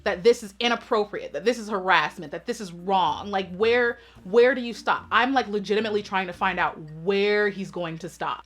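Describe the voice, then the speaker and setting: Female vlog host for a storytime, sassy and emphatic, bright and forward tone. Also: medium pitch, lively intonation, fairly quick, few pauses, soft background music. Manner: sassy, emphatic, keeps asking "right?". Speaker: channel host.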